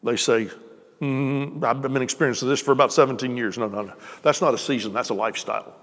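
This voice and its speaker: Speaking fast, a pastor preaches to his congregation casually and slips in jokes between points. His mid-pitched voice is a bit bright and carries a long church-hall reverb.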